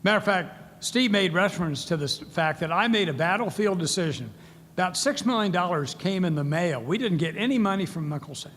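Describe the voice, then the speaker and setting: An older man delivering a keynote in a big event hall tells stories, performing the voices of those he quotes. He speaks briskly in a high, expressive, somewhat bright voice, and the recording carries long reverb, faint ambience and a little background noise.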